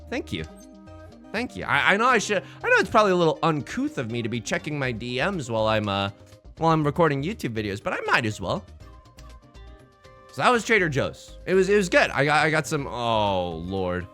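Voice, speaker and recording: Young man, playful game commentary, animated pitch, soft background music. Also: a little fast. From United States. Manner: rambling, joking, talks to himself and viewers. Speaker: let's play host. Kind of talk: casual gameplay commentary.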